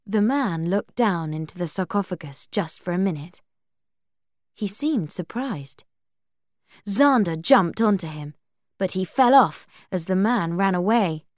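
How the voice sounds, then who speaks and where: A woman narrating a storybook aloud, reading slowly and deliberately. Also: lowish voice, animated, a little mellow, no room sound, clean studio sound.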